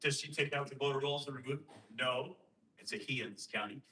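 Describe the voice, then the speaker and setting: A man talking to a host, explaining and telling a story with emphatic rhetorical questions and lively quoted voices. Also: mid-range voice, a little fast, far from the mic, a little hiss or hum, rough recording. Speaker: guest speaker on election systems.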